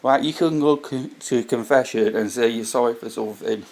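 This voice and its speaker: A man's voice: medium pitch, moderate pace, a little mellow. A man talking earnestly in a casual, unscripted reflection on faith, often repeating his points and restarting his sentences. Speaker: vlogger sharing faith reflections. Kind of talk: casual spoken reflection to camera.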